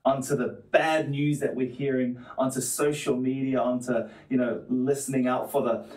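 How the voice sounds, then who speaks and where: A man's voice: mid-range voice, flat delivery, normal speed, a little mellow. A man preaching an earnest sermon as pastor, building his points with repeated phrases. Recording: roomy echo, mic at a distance.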